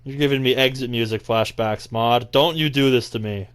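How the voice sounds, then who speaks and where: A man's voice: medium pitch, moderate pace, clean tone. A man hosting a let's play, reading a visual novel aloud and reacting with exasperated asides.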